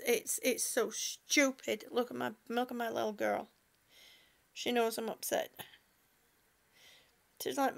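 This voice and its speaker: Woman, high-pitched, slow casual chat, livestream from home. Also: fairly even intonation, gravelly. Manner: chatty, reads comments aloud, laughs often. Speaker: livestreamer reading viewer chat. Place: at home indoors.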